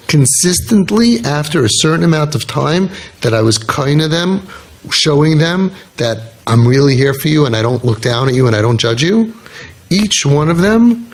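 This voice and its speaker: A middle-aged man giving an earnest storytelling talk as a youth mentor. He talks emphatically and repeats his key phrases. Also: medium pitch.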